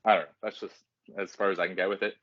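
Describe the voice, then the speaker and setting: Very low-voiced man rambling casually. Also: level tone, very fast, a bit bright, no room sound. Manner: rambling, self-deprecating, casual filler-heavy. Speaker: podcast co-host. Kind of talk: casual podcast chat. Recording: dry, dull lo-fi sound.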